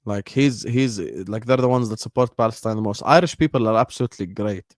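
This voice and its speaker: Young man, livestream host, rambling slangy chat, medium pitch, dry close sound. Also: fast, no echo. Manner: rambling, slangy, drops Arabic phrases.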